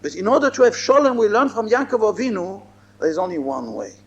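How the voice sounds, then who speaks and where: A man's voice: high-pitched, big pitch swings, fast talker, muffled recording. A man giving a Torah lecture as a rabbi, emphatic and repeating his phrases. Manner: emphatic, repeats phrases, mixes in Hebrew and Yiddish terms.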